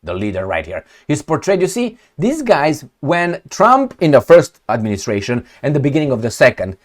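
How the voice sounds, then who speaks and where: A man rants through commentary on news clips, blunt and profane, dripping with sarcasm. His voice sits a little high for a man and swings widely up and down as he talks. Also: huge pitch swings, normal speed. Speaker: political commentator.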